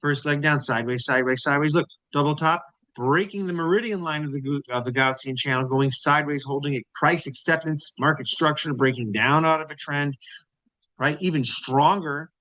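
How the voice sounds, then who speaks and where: A man's voice: on the high side, a little fast, bright, forceful tone, no echo, rough recording. A man hosting a trading channel, talking casually through charts. He repeats phrases for emphasis and keeps checking in with "right?" and "you know".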